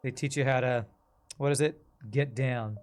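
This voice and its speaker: A man streams a game and chats with his viewers as he plays, joking and sarcastic in casual commentary. His medium-pitched voice is flat and brisk, with game music and slight noise in the background.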